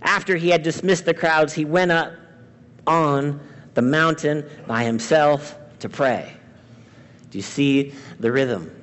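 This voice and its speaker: A man preaches a sermon with a high voice. He swings from loud, emphatic lines to hushed, quiet ones. A long reverb from a large hall trails behind his voice. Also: slow pace. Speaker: pastor.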